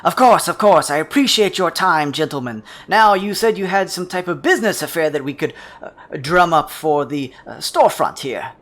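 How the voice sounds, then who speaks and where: A man voicing a sly male jeweler shopkeeper with a gem for an eye, speaking in a hushed, confiding way that often drops to a whisper. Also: on the high side, expressive, moderate pace, hardly any pauses, voice pushed up. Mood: eager.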